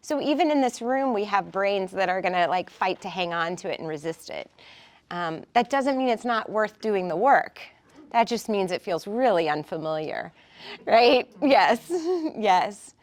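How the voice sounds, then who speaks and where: A woman's voice: medium pitch, measured pace. A woman speaking casually to a small group in a room, coaching them and often checking in with "right?". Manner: animated, warm coaching, frequent "right?". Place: indoor room with an audience.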